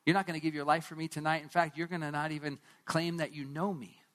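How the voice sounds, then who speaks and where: A man voicing a calm, sorrowful male teacher, speaking quietly and gently in a sermon. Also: on the high side, quick pace, pitched below the performer's own voice, close to an everyday voice.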